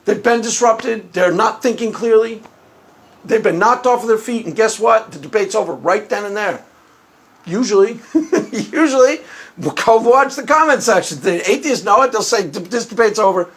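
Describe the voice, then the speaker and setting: A man's voice: high voice, normal speed. A man talking unscripted to his video audience, telling stories animatedly and acting out what others said, often laughing. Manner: animated storytelling, acts out quotes, laughs often; conversational, many restarts. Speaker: YouTube commentator.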